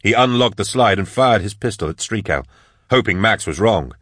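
A man reading an action audiobook in a steady, dramatic scripted narration. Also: lowish voice, moderate pace, dry recording, studio quality.

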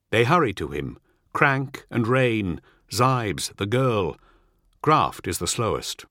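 Bright-voiced male audiobook narrator. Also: on the low side, very animated, dry recording, studio quality. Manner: measured, dramatic reading.

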